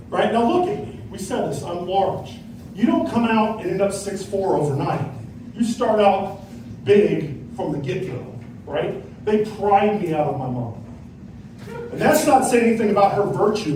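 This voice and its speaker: A middle-aged man performing a stand-up comedy set, telling stories with acted-out quotes and tacking on a quick "right?" after punchlines. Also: high-pitched, darkish tone, recorded from a distance, a little hiss or hum. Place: comedy club stage. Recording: echoey club, mic from afar, faint crowd.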